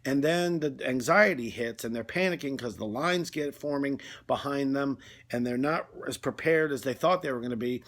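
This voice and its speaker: A man's voice: mid-range voice, fairly bright tone. A man delivering a rambling, conversational comic monologue, full of fillers. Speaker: comedy video host.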